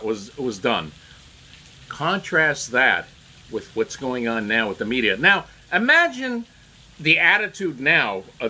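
A man giving a casual political commentary monologue, halting and repeating words as he restarts sentences. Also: medium pitch, bright, forceful tone, rough recording.

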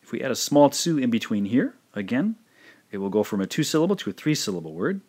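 A man narrating a recorded language lesson, speaking slowly and carefully and repeating each pronunciation. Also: mid-range voice, very animated, a little mellow, slightly rough. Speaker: language teacher.

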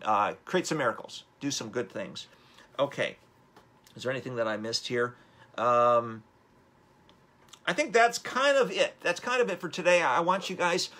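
A man's voice: medium pitch, bright, forceful tone. A man hosting a live-streamed motivational talk, upbeat and rambling as he urges viewers on. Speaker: host.

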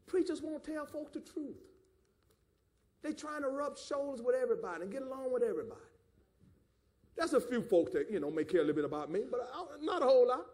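Southern man, pastor, very high voice, fiery sermon, shouted peaks, call-and-response. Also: very animated, fast. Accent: Southern American. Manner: Southern preacher cadence with calls of "my God" and "do you understand".

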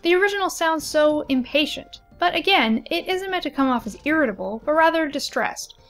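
A young woman giving an expressive, analytical video essay commentary with lively emphasis. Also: high-pitched, a little fast, faint music behind.

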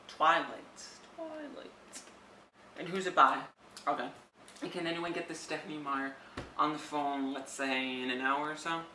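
A man's voice: fairly high pitch, pushed and bright. A man playing a self-absorbed, impatient movie studio boss who whines dramatically. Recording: echoey room, distant from mic, faint background noise.

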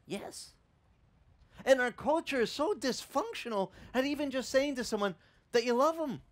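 A male pastor preaching a sermon, telling stories with many restarts and acting out the people he quotes. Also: extremely high pitch. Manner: animated storytelling, acting out quoted voices; halting, with frequent restarts.

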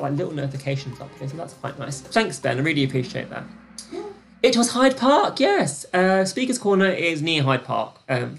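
A young British woman hosting a live-streamed trivia quiz, chatty and gossipy, with excited gasps and lots of fillers. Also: deep voice. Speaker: quiz host.

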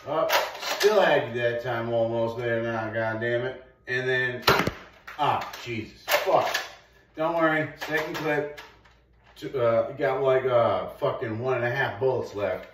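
Slow, profane man, echoey and distant. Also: mid-range voice, heavy background noise. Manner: profane, rambling, laughs at himself. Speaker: vlogger. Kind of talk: crude comic monologue. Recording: roomy echo, far from the mic.

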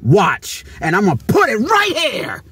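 A man's voice: sits high, huge pitch swings, unhurried, fairly bright tone, slightly rough, no room sound. Man ranting heatedly on a toy-hunting vlog. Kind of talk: casual walk-around vlog, ranting. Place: convention floor and stores, indoors.

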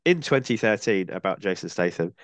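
Low-voiced man with a cold. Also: expressive, fairly quick, no echo. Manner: chatty, hedging with tag questions. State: has a cold. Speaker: podcast host. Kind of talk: casual film discussion podcast.

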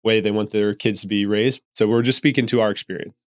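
A man's voice: fairly low pitch, steady tone, quick pace, no room sound. A man co-hosting a podcast in casual chat, joking and teasing his partner. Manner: joking, teasing, interrupts playfully. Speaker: podcast co-host.

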